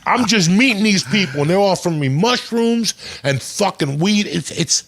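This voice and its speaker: A man from New Jersey telling a profane, animated story as a podcast guest. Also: high voice, moderate pace, vocal fry. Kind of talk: casual storytelling.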